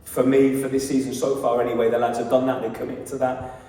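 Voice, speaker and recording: A football head coach answering questions earnestly on stage, with many fillers and restarts. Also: male voice, medium pitch, level tone, fast talker, warm tone. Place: large hall at a live event. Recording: echoey hall, mic from far off.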